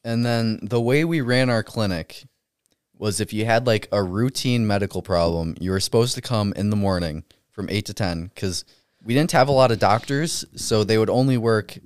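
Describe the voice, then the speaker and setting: A man's voice: on the low side, moderate pace, clean tone, dry recording, clean studio sound. A young man chatting casually as a guest, laughing often and mimicking people in exasperated quoted voices. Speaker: guest recalling military clinic work abroad. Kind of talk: casual chat.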